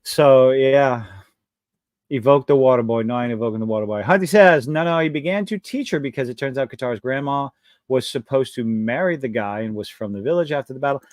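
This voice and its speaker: A man from Louisiana chats casually on a livestream in a mid-pitched voice. His talk is profane and self-mocking. The sound is dry and close, with no room in it. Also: brisk, a little mellow, dry recording. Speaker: podcast host.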